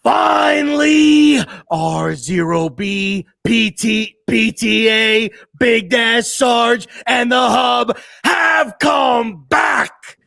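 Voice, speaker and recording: Slow, gravelly hype-man announcer guy. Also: sharp tone, no echo, raised voice, clean studio sound. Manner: booming, drawn-out ringside-style announcing. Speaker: co-host.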